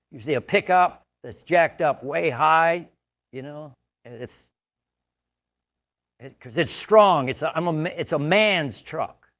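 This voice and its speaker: A man's voice: fairly high pitch, a bit bright. A man from the United States giving a conversational training talk, full of stories and frequent "right?" checks. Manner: anecdotal, conversational, asks "right?" often. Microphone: studio mic.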